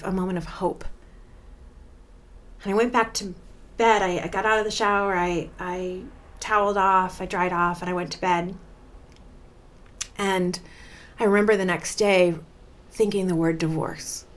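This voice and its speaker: A woman's voice: lowish voice, fairly even intonation, moderate pace. Candid, emphatic woman podcast host. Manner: candid, emphatic, swears freely. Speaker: podcast host and life coach. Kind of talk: personal podcast monologue.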